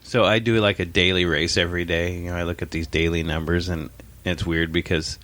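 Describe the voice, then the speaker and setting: Very low-voiced man, wry co-host. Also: level tone, a little fast, a bit bright, dry recording. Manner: wry interjections, teasing. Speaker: podcast co-host. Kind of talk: casual chat.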